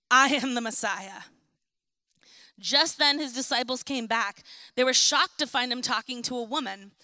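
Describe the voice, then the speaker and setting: A young woman pastor with a high, bright voice preaches a sermon in a conversational, animated way, as though chatting with her congregation. She acts out Bible figures with lively little voices. The audio is close and dry, with no room echo.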